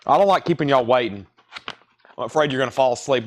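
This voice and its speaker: This man hosts a live sale in a casual livestream chat, talking quickly at a medium pitch. He rambles, jokes at his own expense and chats while eating, coughing with a choked throat.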